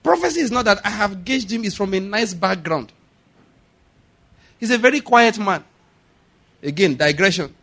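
A man preaching a sermon, laughing often and building to shouted declarations. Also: high voice, animated, normal speed, long pauses.

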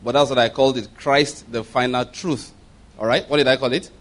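A man's voice: mid-range voice, fairly even intonation, fairly quick, a bit bright. A man preaching a sermon to a congregation in a conversational style, building to emphatic questions. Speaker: pastor.

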